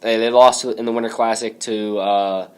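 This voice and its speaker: A man's voice: on the low side, fairly even intonation, normal speed, darkish tone, clear, resonant tone. A young man co-hosting a casual podcast, teasing with short emphatic quips. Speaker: podcast co-host.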